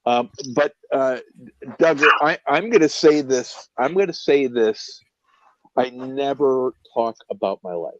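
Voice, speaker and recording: A man's voice: mid-range voice, slow pace, no echo, dull audio. A man guesting on a casual livestream chat, earnest and emphatic, often repeating himself.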